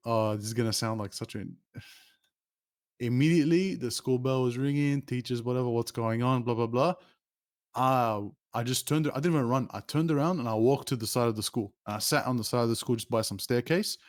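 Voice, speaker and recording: A man, a streamer telling rambling, animated stories as an interview guest. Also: a little fast. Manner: animated, rambling, with sudden pitch jumps. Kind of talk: casual storytelling.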